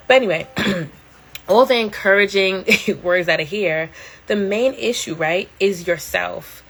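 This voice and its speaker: A woman's voice: fairly low pitch, moderate pace, creaky, a bit bright, breathy edge. A middle-aged woman hosting a casual livestream from home, talking candidly in a slangy way and laughing often. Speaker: livestream host.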